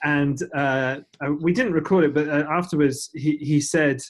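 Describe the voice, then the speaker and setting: A man's voice: on the high side, steady tone, moderate pace, few pauses. A man with an English accent, chatting as a podcast guest in a self-deprecating way with many fillers. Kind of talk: casual interview chat.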